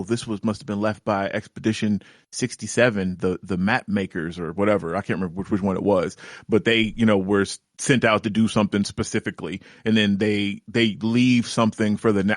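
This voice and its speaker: A man's voice: lowish voice, steady tone, fairly quick, dry recording. Rambling man chatting about games, dry mic. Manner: rambling, lots of fillers and restarts, laughs easily. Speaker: podcast co-host. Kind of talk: casual gaming podcast chat.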